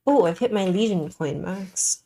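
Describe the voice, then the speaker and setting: A woman's voice: medium pitch, lively intonation, unhurried, warm tone, a little hiss or hum. Rambling young woman streamer, Valley Girl lilt. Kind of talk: casual gaming stream chat.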